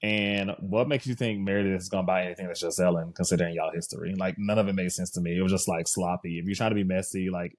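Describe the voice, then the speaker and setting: A man co-hosting a podcast who steers the talk and gives relaxed commentary. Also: low voice, fast, few pauses. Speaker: podcast co-host. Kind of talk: casual recap chat.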